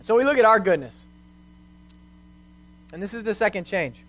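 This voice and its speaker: A man's voice: high-pitched, animated, moderate pace, a bit bright. A young man, a youth pastor, preaching a sermon in an earnest storytelling way, full of rhetorical questions.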